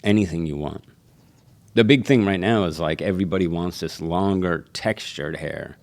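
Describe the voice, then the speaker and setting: A man's voice: deep voice, moderate pace. A man, a barber, telling stories in a casual podcast conversation and acting out the voices of people he quotes.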